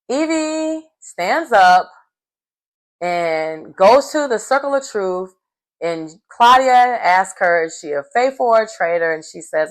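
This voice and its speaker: A woman vlogger casually recapping a reality show episode, telling it animatedly and acting out quotes. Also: medium pitch. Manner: animated storytelling, acts out quotes.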